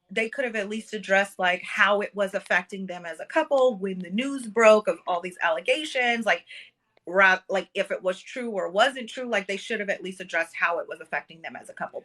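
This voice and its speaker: Woman co-host, bright voice, gossipy, emphatic, casual recap chat. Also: mid-range voice, moderate pace. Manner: gossipy, emphatic, filler-heavy.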